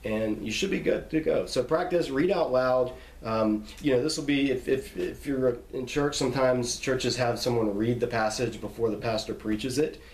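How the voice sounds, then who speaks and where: In a teaching manner, a medium-pitched man reads scripture name lists slowly, pausing to walk through how to say each one. It's a reverberant, poor-quality recording.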